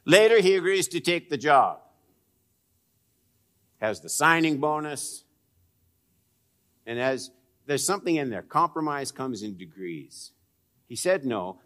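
A man preaching a sermon, swinging between raised emphasis and hushed, low asides, and putting direct questions to his listeners. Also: big pitch swings, a little slow, long pauses. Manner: direct, probing questions to the congregation. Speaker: pastor.

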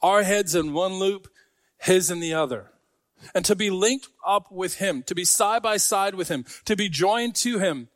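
A man's voice: high-pitched, a little slow, a bit bright, no echo, clean studio sound. A man preaching a sermon to a congregation, talking in a conversational way with joking asides. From Scarborough. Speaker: pastor.

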